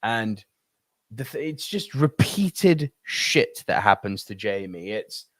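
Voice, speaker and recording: A man's voice: lowish voice, very animated, slow pace, a bit bright, dry recording, clean studio sound. A man in his thirties co-hosting a podcast, talking about films in an emphatic, swearing, ranting way. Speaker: podcast co-host. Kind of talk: casual film discussion.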